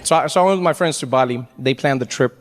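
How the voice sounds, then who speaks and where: A man with a South African accent, telling an animated stand-up story and acting out characters in an echoey hall. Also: mid-range voice, fast talker, slight background noise. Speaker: stand-up comedian. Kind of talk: stand-up comedy. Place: large hall with audience. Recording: echoey hall, faint crowd ambience.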